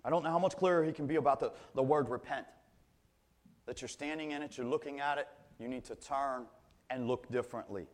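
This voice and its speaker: A man with a medium-pitched voice preaches a sermon earnestly. He often repeats words as he restarts phrases, and he slows right down to stress key points.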